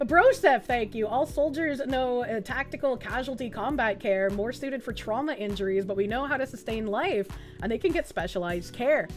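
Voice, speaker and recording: Casual woman streamer, high voice, salty and giggly while reading chat. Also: soft background music. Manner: profane, quick to laugh, reads chat messages aloud.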